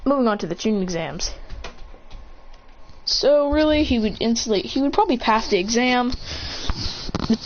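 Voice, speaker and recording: A woman's voice: a little high, expressive, moderate pace, pauses often. A woman casually telling an anime fan story in a rambling, self-correcting way. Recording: muffled with faint hiss.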